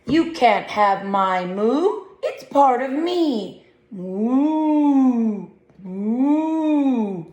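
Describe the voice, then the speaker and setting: A calm, firm cow, as a woman reading aloud puts her on, drawn-out and slow with lowing moos. The roomy space adds a clear echo to her storybook voice. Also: highs cut off. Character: calm, firm female cow chewing grass.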